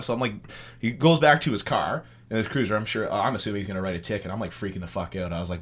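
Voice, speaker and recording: A young man hosting a casual podcast, telling a story with lots of swearing and animated voices for the people in it. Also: lowish voice, racing, husky. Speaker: podcast host.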